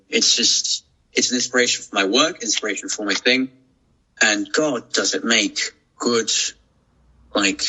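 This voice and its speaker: A man's voice: on the low side, pushed and bright, slightly rough, low-quality recording. A man, a podcast guest talking casually and reflectively, with many restarts and fillers. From England. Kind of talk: casual chat.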